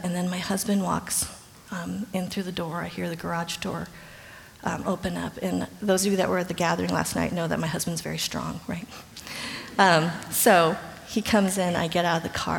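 Woman preaching with gravelly voice, hall reverb. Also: lowish voice, fairly even intonation, moderate pace. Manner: earnest storytelling, drops to a hushed whisper at tender moments. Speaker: speaker at a Christian gathering. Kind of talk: testimony sermon.

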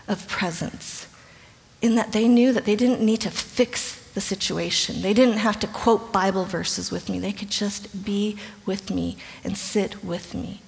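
A woman giving a personal testimony sermon in an earnest storytelling way. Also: mid-range voice. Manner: earnest storytelling, drops to a hushed whisper at tender moments. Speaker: speaker at a Christian gathering. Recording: long hall reverb.

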